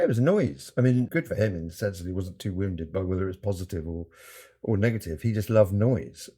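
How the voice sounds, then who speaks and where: A low-voiced man with a husky edge, telling a story as a podcast guest. His delivery is animated and conversational. His voice sits deep in the chest. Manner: animated, acts out quoted lines with mock indignation.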